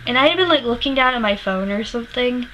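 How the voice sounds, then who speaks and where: A woman's voice: a little high, lively intonation, quick pace, pushed and bright, a little hiss or hum, rough recording. A woman vlogger animatedly retelling a personal story to camera, swearing freely and laughing as she goes, emotional while she remembers it.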